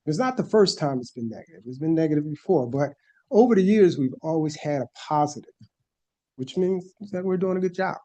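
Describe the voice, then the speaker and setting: A man's voice: a little high, expressive, a little fast, dark tone. A man giving a formal presentation to a planning board and walking through slides one by one. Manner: methodical, explaining slide by slide. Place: board meeting room.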